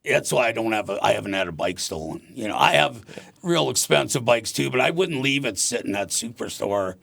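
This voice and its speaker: A man's voice: mid-range voice, lively intonation, fairly quick, gravelly, a bit bright. A man talking as a radio guest, chatty and self-deprecating, laughing at himself. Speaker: bike shop guest. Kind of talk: casual radio guest talk.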